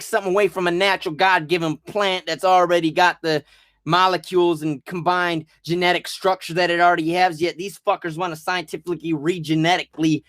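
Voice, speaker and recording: A man's voice: high voice, little pitch movement, brisk, a bit bright, dry recording, studio quality. A man delivering a rambling, agitated rant full of profanity and restarts. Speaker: vlogger.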